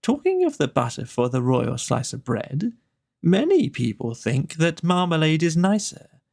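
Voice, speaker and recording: Man doing a polite coaxing queen, slow, raised gravelly pitch. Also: wildly swooping pitch, darkish tone, exaggerated voice.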